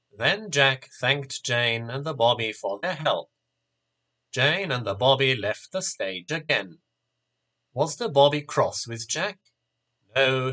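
Slow, expressive male storyteller. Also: medium pitch. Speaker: narrator. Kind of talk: storybook reading.

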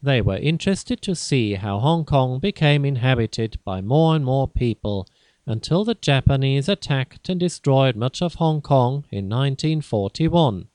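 A man narrating a simple graded-reader story in a slow, careful, even way. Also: medium pitch, dry recording.

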